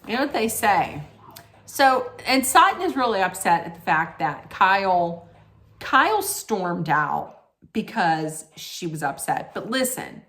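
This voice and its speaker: Woman, chatty recap host, lively pitch, unhurried, rambling, self-correcting. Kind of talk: casual reality TV recap.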